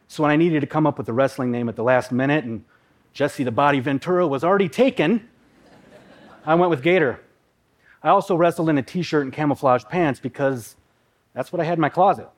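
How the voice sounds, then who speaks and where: A man from Minnesota telling a personal story in a vivid, dramatic way with playful asides. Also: medium pitch. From Minnesota, USA.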